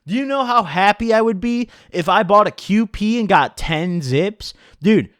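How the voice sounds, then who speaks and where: A young man tells a story for his vlog with animated, profane humor. His pitch is a bit high and swings a lot from line to line. The sound is dry and close to the mic. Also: moderate pace, no room sound. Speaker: vlogger.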